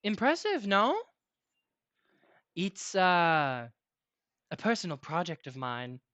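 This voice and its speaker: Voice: medium pitch, huge pitch swings, takes it slowly, fairly bright tone, no echo, full character voice. A game master voicing a sly female sorceress who talks in a smug, hesitant drawl.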